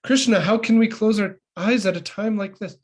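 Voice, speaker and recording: A man puts on the voices of scared young cowherd boys crying out for help, pitched well above his normal voice. Their pleas are anxious and urgent, like a storyteller acting out a frightened crowd. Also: moderate pace. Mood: frightened pleading. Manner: pleading, anxious cries.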